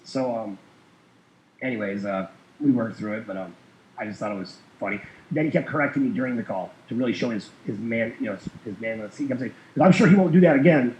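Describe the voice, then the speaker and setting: A man's voice: lowish voice, quick pace, a little hiss or hum. A man telling a long story in casual chat, rambling with many fillers and small chuckles. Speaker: guest. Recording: roomy, dull lo-fi sound.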